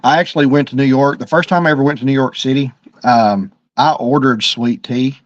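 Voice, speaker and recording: A man's voice: medium pitch, fairly even intonation, a little fast. A middle-aged man with an Alabama accent, co-hosting a livestream and telling stories in an easygoing way, often repeating words. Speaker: livestream co-host. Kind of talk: casual chat. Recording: dry, lo-fi livestream audio.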